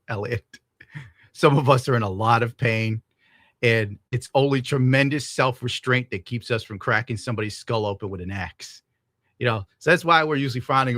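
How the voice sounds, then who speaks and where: A young man on a live stream, venting in a bitter, profane rant. His voice is bright and forceful, with a dry, close sound and no room around it. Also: medium pitch, no room sound. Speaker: streamer reacting to a clip. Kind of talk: ranting live-stream commentary.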